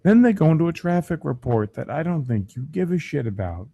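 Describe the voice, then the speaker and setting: A man's voice: fairly high pitch, fairly quick, vocal fry, dry recording. A man hosting a crude comedy podcast, swearing and mocking the news, his voice strained. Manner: profane, mocking, animated. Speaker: podcast host.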